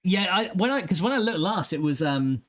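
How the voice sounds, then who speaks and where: A man streaming a game live, reading and thanking his chat in an excitable, giggly way with plenty of swearing. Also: high-pitched, fairly quick.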